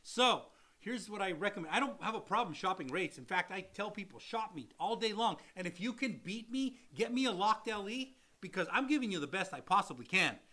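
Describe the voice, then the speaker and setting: Man, mortgage loan officer, live Q&A co-host, high voice, bright tone, animated, repeats himself. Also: fairly quick. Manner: animated, explains with acted-out examples and repeats phrases. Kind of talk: casual live Q&A.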